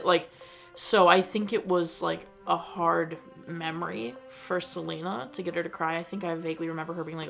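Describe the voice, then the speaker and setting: A young woman casually gushing about a movie she reviews, full of slang, quoting scenes in lively put-on voices. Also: on the low side, fairly quick, creaky, soft background music.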